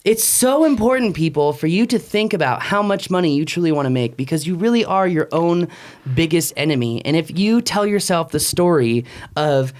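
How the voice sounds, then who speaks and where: A man in his thirties co-hosting a podcast, talking in an animated, emphatic way as he gives business advice in casual chat. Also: a little high, moderate pace. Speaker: podcast co-host.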